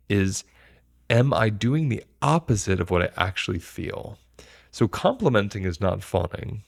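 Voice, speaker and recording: A man's voice: sits low, gravelly. A man teaching about stress responses to camera, reflective and earnest, explaining with everyday examples from his own life. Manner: earnest, speaks from personal experience.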